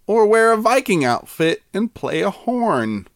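A man's voice: high-pitched, sing-song, unhurried, dry recording, clean studio sound. A man co-hosting a casual chat, goofy and playful and laughing often. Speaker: podcast co-host.

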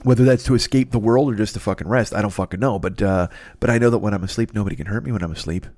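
A man's voice: on the low side, very fast, a little mellow, no echo. Profane rambling man with a stuffy nose. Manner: profane, rambling, self-deprecating. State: stuffy nose, tired and yawning. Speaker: podcast host. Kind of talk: solo rambling monologue.

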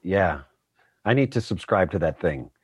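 A man's voice: deep voice, animated, normal speed, slightly rough, no echo. A male voice actor telling stories about his work in a self-deprecating, casual way. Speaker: guest voice actor. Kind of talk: casual interview chat.

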